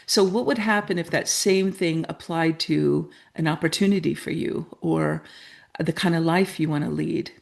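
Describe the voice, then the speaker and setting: Middle-aged canadian woman telling her story, bit of gravel in the voice, really into it. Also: low voice, normal speed. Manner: earnest, animated storyteller who acts out quoted dialogue. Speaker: guest. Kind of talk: storytelling interview talk.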